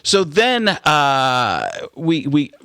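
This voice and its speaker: A man telling lively anecdotes as a guest comedian on a radio talk show, slipping into voices mid-story. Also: fairly high pitch, drawn-out words, clean tone, dry recording, clean studio sound. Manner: animated, jumps into impressions mid-story. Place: radio studio.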